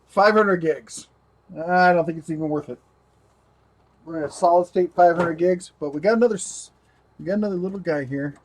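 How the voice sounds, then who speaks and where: Chatty husky-voiced man tinkering live. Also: sits high, moderate pace. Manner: chatty, talks to his hardware and his dog. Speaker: livestream host rebuilding a computer. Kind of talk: casual live tech narration.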